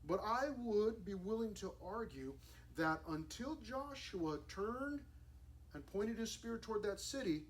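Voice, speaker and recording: A young man, a youth pastor, preaching a sermon at a church service in a lively, casual storytelling way with slang. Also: high voice. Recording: distant mic with faint room noise.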